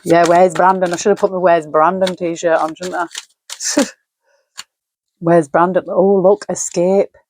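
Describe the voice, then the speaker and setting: A woman's voice: lowish voice, flat delivery, unhurried, pauses often, a little mellow, no echo. Woman murmuring through a tarot reading. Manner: musing aloud, murmuring card words, frequent sighs. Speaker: tarot reader. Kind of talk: solo tarot reading monologue.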